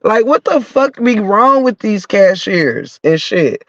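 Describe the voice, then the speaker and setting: A man's voice: high voice, very animated, takes it slowly, fairly bright tone, no room sound. A man with a stuffy nose from a cold, ranting bluntly and cursing through a heated story as a podcast host. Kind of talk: profane comic rant. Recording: dull lo-fi dry sound.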